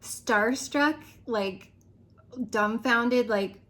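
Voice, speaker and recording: A woman's voice: fairly high pitch, moderate pace. A woman chatting casually to her viewers in a rambling way, laughing often and going off on asides. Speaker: direct sales consultant. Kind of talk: casual vlog chat.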